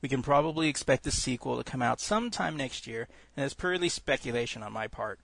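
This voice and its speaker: A man co-hosting a casual podcast chat, laughing often and breaking into loud mocking impressions. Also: mid-range voice, lively intonation, quick pace, vocal fry, no room sound. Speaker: podcast co-host.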